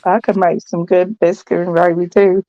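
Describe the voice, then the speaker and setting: A woman's voice: lowish voice, flat delivery, highs cut off, slight background noise. A woman with a Southern US accent, chatting and giggling often in a casual late-night group call. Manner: giggly, slow drawl. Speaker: chat participant.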